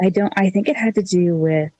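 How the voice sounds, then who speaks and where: A woman with a very low, warm voice conducts a casual interview. She asks questions and encourages her guest often. The recording is dry and close. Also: dry recording, highs cut off. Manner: encouraging, with frequent affirmations.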